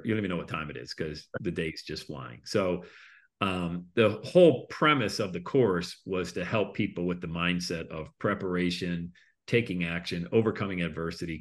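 A man with a low voice telling a story in a casual interview. He talks in animated bursts: his voice rises sharply for the high points, then falls away softly as each phrase ends. He sounds like a practiced stage speaker. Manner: lively storyteller, voice jumps up for punchlines then drops low; trails off quietly at the ends of phrases. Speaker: interview guest, speaker and coach.

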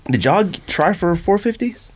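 A podcast host with a high voice, speaking at normal speed into a studio microphone, tells stories in a casual chat. He's animated, laughs often, and acts out quoted asides.

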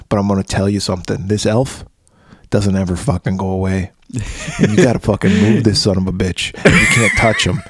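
A man's voice: on the low side, huge pitch swings, a little fast, dry recording, clean studio sound. A middle-aged man, co-host of a podcast, telling a swear-filled story and acting out the quotes. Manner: profane storytelling with acted-out quotes. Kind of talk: casual podcast chat.

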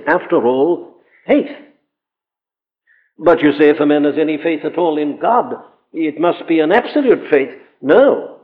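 A fairly high-voiced man preaching in an earnest, emphatic way, pushing his voice up on the questions he drives home. The recording is thin and phone-like, and the sound hangs in a long reverb like a large hall. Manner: earnest, emphatic, rising to exclamations. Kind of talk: sermon.

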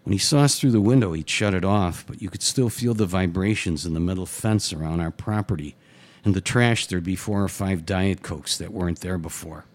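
A man, a writer, reading his own first-person short story aloud in a steady, matter-of-fact way. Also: low voice, brisk.

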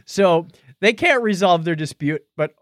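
A man chatting casually on a podcast, his voice swinging widely in pitch as he recaps scenes. He acts out quoted lines and laughs often. The sound is dry and close. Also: animated, measured pace, a bit bright, no echo. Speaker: podcast host. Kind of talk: casual chat recapping a TV episode.

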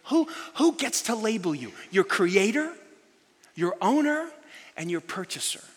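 A man preaching a sermon as pastor, telling a story with animated emphasis. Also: high-pitched, a little slow. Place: large church hall. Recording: long reverb in a large hall.

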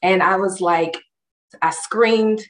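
A woman recounts her own experience in a relaxed, conversational way, peppering her talk with fillers and animated quoted asides. Her voice sits at a middle pitch and sounds set back from the mic in an echoey room. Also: takes it slowly. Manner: animated, acts out others' words in quotes. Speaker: storyteller recounting a personal experience. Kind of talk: casual spoken personal story. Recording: roomy and distant from the mic.

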